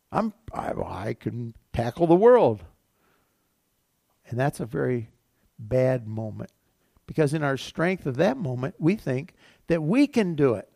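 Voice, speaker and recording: A man's voice: medium pitch, vocal fry, darkish tone, dry recording, studio quality. A man, a pastor, preaching a sermon and acting out the voices of temptation as he goes. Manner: preaching with acted quotes of temptation, rising and falling.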